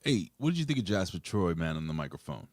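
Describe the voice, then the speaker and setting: A man's voice: deep voice, very animated, quick pace, no room sound, studio quality. A man co-hosting a wrestling review podcast, bantering bluntly with plenty of profanity. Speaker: wrestling show co-host. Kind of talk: casual podcast chat.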